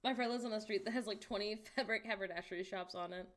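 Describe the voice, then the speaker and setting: A woman streaming, chatting casually and reacting wryly out loud to what she finds while browsing online. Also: medium pitch, fast talker, slight background noise.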